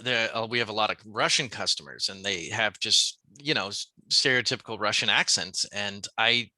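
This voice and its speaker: A man's voice: lowish voice, moderate pace, pushed and bright, dry recording. A man co-hosting a podcast in casual joking chat, rambling and laughing, slipping into put-on accents. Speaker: podcast co-host.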